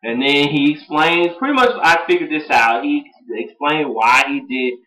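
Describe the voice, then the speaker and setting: Young male reviewer, rambling and excitable, slightly high voice, echoey room. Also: moderate pace. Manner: rambling, excitable, laughs and mimics quotes. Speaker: wrestling show reviewer. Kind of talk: casual recap monologue.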